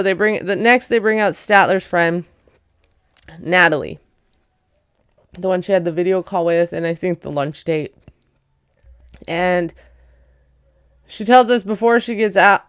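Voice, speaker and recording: A woman's voice: lowish voice, smooth, no echo, clean studio sound. A woman giving a casual, wry recap of a reality show, chatty and full of ums and likes.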